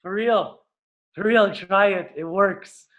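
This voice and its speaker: Earnest male spiritual teacher, animated motivational talk. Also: high voice, slow. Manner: earnest, animated, acts out screams and stomps.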